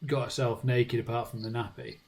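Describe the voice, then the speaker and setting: A man co-hosting a podcast, telling animated stories in casual chat. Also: mid-range voice, fairly quick, background noise. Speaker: podcast co-host.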